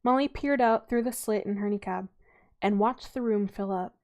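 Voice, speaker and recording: A woman's voice: mid-range voice, normal speed, darkish tone. A young adult woman reading a novel aloud in an informal way, often stumbling and correcting herself.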